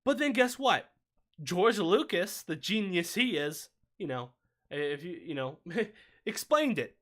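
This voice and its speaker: A man co-hosting a casual livestream discussion, talking in an animated, ranting way with quick asides. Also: sits high. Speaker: watch-party co-host.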